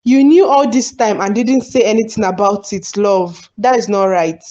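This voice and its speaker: A woman's voice: medium pitch, normal speed, dark tone, close to an everyday voice. A woman voicing a suspicious young wife in a cartoon, pressing with questions. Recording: slightly dull sound.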